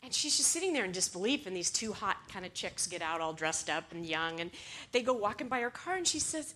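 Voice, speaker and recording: A woman giving a talk to an audience, telling stories in an animated way, laughing now and then and acting out the lines she quotes. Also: mid-range voice, brisk, slight background noise.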